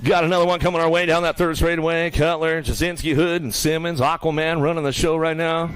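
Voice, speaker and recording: A man calling live BMX races in rapid play-by-play, throwing out nicknames for riders and teasing them as they finish. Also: fairly high pitch, steady tone. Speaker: race announcer. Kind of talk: live BMX race commentary. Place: outdoor BMX race track.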